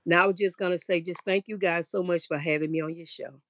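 A woman guest, speaking softly and emotionally over a remote call. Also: on the low side, fairly even intonation, fast talker, dry recording, studio quality. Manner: emotional, soft-spoken.

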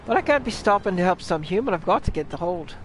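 Rowdy skeleton pirate, gruff sailor slang, pitched up, put-on British pirate accent, done by a man reading game lines. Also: big pitch swings, fast, fairly bright tone, slight background noise, poor audio. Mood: urgent. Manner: gruff, rough sailor slang, teasing threats. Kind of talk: reading game dialogue aloud in voices.

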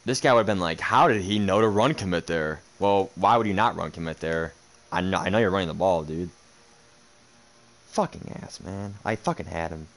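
A man's voice: deep voice, fairly quick, a bit bright. A young man commentating his own football video game match, muttering, sarcastic and swearing in frustration. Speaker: gaming streamer.

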